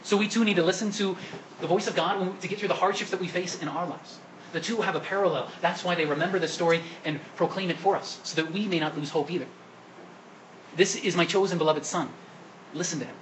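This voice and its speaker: A man's voice: sits high, steady tone, fast talker, fairly bright tone, a little hiss or hum, poor audio. A man preaching a sermon at Mass as the priest, asking the congregation questions and coaxing them to answer. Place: church during Mass.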